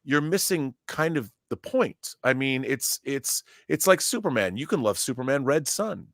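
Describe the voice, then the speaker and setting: A man's voice: mid-range voice, normal speed, dry recording, studio quality. A man guesting on a casual video talk show, telling stories about movies and comics with stammering restarts and frequent laughs. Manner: animated storyteller, stammering restarts, laughs often. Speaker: guest commentator.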